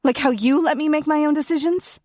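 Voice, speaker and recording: A woman voicing a guarded, weary young woman in a whispered role-play, speaking in a soft, hushed way. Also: mid-range voice, a little slow, husky, dry recording, clean studio sound. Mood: sharp.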